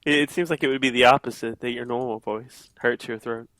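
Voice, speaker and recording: A young man plays in a comedic tabletop game, talking in a deadpan, rambling way. His voice sits mid-range. The sound is dry and close. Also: medium pitch, fairly quick, no echo, low-quality recording. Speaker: player. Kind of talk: casual tabletop game chat.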